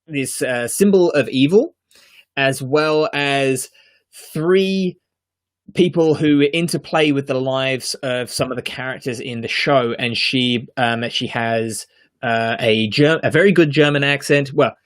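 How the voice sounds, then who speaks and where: A man's voice: medium pitch, measured pace. A man co-hosting a podcast, reviewing a TV series in casual chat, earnest and emphatic, with frequent fillers and restarts.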